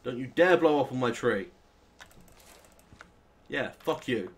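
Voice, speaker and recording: A man's voice: mid-range voice, takes it slowly. Chatty, sweary British young man gaming. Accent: British English. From Britain. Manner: chatty, sweary, excitable outbursts. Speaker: gaming channel host. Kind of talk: casual Let's Play commentary.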